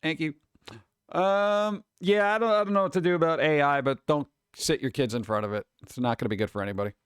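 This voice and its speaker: A man chatting casually on a stream, reading headlines and memes aloud and answering them with sarcastic, animated asides. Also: fairly high pitch, fairly quick, clear, resonant tone, no echo, studio quality. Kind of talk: casual live-stream chat.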